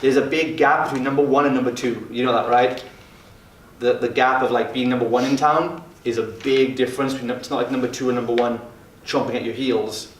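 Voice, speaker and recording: A man's voice: mid-range voice, fairly even intonation, fairly quick, slight background noise. A man leading a mastermind group for gym owners, talking in a brash and profane way. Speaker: fitness business mentor. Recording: roomy sound from a distant mic.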